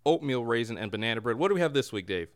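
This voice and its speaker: Smooth-voiced man hosting a casual show. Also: medium pitch, animated, racing. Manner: playful, mock radio-announcer delivery. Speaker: podcast host. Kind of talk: casual comedic chat show. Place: home room near a window.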